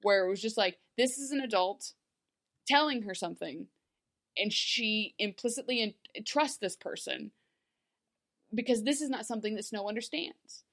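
A woman's voice: medium pitch, moderate pace, fairly bright tone. Laughing woman chatting casually. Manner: laughs often, acts out quotes in shifting voices. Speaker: podcast co-host. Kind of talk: casual chat.

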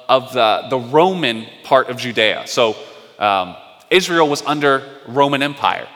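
Man, pastor, animated sermon storytelling, bright voice, reverberant hall. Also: medium pitch. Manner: animated storytelling, acting out quotes.

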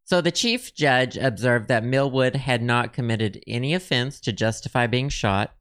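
A man's voice: mid-range voice, normal speed, fairly bright tone, smooth. A man co-hosting a casual podcast chat, reading old testimony aloud with a lifted, dramatic delivery. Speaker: podcast co-host.

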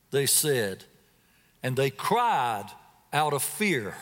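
A man's voice: mid-range voice, sing-song, very slow, a bit bright, big-room sound. A man preaching a sermon as a guest preacher, telling a scripture story dramatically and asking his listeners direct questions. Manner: asks the congregation direct questions.

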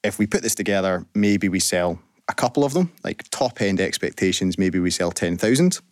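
A man with a very low voice talks through his story in a loose, chatty way, full of "like" and asides. He is a guest on a radio show, and the studio sound is dry and close. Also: expressive, a little fast, dry recording. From Scotland. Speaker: guest entrepreneur. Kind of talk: casual radio interview.

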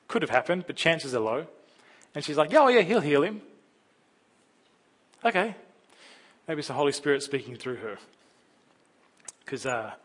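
A man in his thirties preaching a conversational sermon, telling stories and breaking into loud dramatic bursts. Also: medium pitch, breathy edge. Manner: chatty, storytelling, with sudden loud dramatic bursts.

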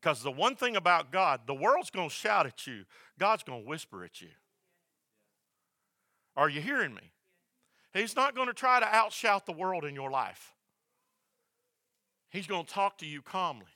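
A male pastor preaching a sermon, swinging from loud, repeated emphasis down to a soft hush. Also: sits high, big pitch swings, normal speed, pauses often, no echo. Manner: builds to loud emphatic repetition, then drops to a soft hush.

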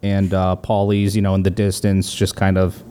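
Relaxed man rambling on a podcast. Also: sits low, moderate pace, slight background noise. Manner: relaxed, rambling, laughs easily. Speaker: podcast co-host. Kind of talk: casual movie recap chat.

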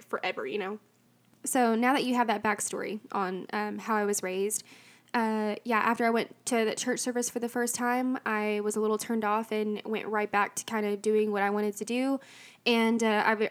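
Candid young woman with a high voice. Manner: chatty and candid, many fillers and restarts. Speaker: speaker sharing a personal faith testimony. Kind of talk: casual personal storytelling.

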